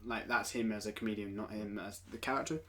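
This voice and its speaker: Young male co-host, bright, tense tone, loose and chatty with frequent fillers. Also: fairly low pitch, fairly even intonation, fast. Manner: chatty, lots of fillers, mimics characters. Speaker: podcast co-host. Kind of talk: casual film discussion.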